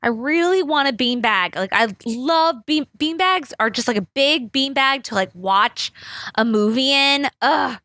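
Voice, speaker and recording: A woman hosting a podcast in casual chat, rambling and animated and swearing freely. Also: sits high, unhurried, no room sound, studio quality. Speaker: podcast host.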